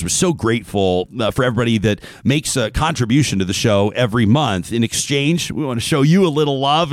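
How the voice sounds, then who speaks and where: A man, co-hosting a talk show in casual chat, animated and enthusiastic, with leaps in pitch. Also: no room sound, studio quality. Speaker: radio show co-host. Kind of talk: casual chat with read ads.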